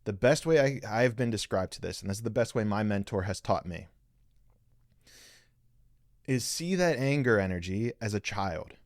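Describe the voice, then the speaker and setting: A man's voice: lowish voice, expressive, normal speed, long pauses, no room sound, clean studio sound. Earnest man giving spiritual advice. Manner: earnest, repetitive, coaching listeners directly. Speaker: podcast host. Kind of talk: spiritual teaching monologue. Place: live stream reading viewer comments.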